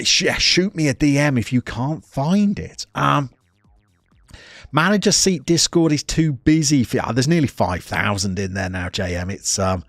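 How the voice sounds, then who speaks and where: Chatty man with lively pitch. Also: gravelly, no echo, studio quality. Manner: chatty, reads chat aloud, self-interrupting. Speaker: streamer. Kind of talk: casual live-stream chat.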